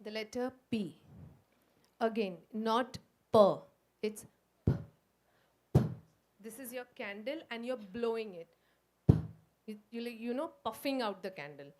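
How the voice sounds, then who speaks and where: A woman with an Indian English accent leading a phonics workshop for teachers, slowly sounding out letters in a coaxing, sing-song way. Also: on the high side, a little mellow. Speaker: teacher trainer. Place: school workshop room.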